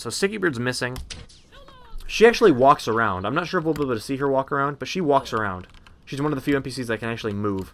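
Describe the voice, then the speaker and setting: A man's voice: mid-range voice, lively intonation, fast, fairly bright tone. A man casually narrating a game walkthrough, chatty and rambling with many ums and uhs. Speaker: gameplay narrator.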